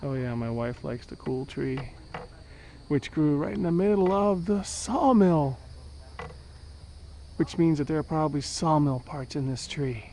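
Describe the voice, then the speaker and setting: A man's voice: fairly high pitch, expressive, unhurried, long pauses, warm tone, slight background noise, low-quality recording. Chatty man touring outdoor ruins. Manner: jokey, chatty, thinks aloud. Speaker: vlogger. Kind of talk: casual walking tour narration.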